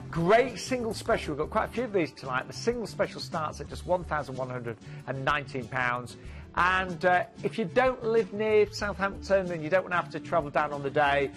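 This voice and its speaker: A friendly man with a northern English accent runs through cruise prices and inclusions in a fairly high voice. Faint music plays beneath his shopping channel pitch. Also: lively intonation, a little fast, fairly bright tone. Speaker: cruise sales presenter. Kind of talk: shopping channel sales chat.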